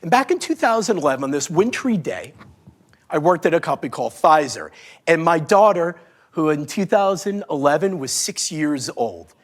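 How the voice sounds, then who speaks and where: A man in his forties giving a talk on stage, telling a story in a playful, animated way with self-mocking humor. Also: fairly high pitch, moderate pace. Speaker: speaker at a live talk event. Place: stage before a live audience.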